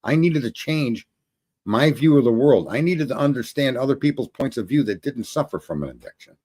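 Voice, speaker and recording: A man's voice: medium pitch, a little fast. A middle-aged man telling a story in a casual monologue, swearing freely and laughing often. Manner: profane, animated, laughing often. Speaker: host.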